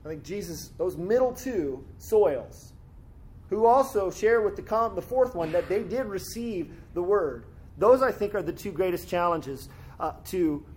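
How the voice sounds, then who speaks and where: A man's voice: high-pitched, darkish tone, slightly rough. A man preaching a sermon, reading scripture aloud and explaining it in a conversational way with frequent tag questions. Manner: expository, reads scripture aloud with rising fervor.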